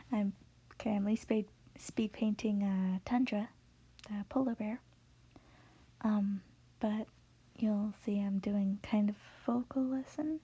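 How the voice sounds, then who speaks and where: A woman giving a casual spoken voice lesson from home at night, in a hushed, half-whispered way with many fillers. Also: mid-range voice, fairly even intonation, slow, pauses often, breathy edge, rough recording. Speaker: voice tutorial creator.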